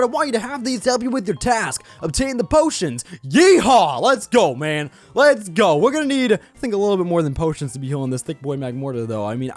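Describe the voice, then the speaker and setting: A hyped-up man gives let's play commentary and swears now and then. His lively voice bounces all over the place and sits a bit high. Faint game music plays behind him. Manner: hyped, excitable, casual swearing. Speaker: gaming channel host.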